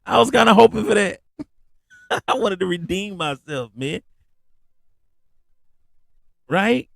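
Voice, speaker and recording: Animated, slangy man telling stories. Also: takes it slowly, gravelly, no echo, studio quality, faint music behind. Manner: animated, slangy storytelling with rising pitch on asides. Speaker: podcast host. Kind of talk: casual comedic monologue.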